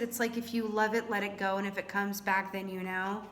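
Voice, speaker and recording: A young woman reading tarot cards for her viewers in a chatty, animated way, thinking aloud with lots of fillers. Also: mid-range voice, fairly quick, heavy background noise. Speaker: tarot reader. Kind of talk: casual tarot reading to camera.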